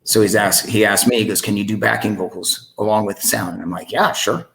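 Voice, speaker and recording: A middle-aged man with a fairly low voice tells a story in a relaxed podcast chat. He is animated and puts on the voices of the people in his story. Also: fast talker, gravelly. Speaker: singer and sound engineer. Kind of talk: casual storytelling in a podcast interview.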